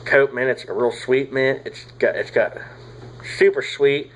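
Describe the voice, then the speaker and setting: A young man, rambling casually through a product review, swearing often and filling pauses with "uh" and "like.". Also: medium pitch, a bit bright, poor audio. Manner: rambling, profane, drawling with frequent fillers. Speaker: tobacco reviewer.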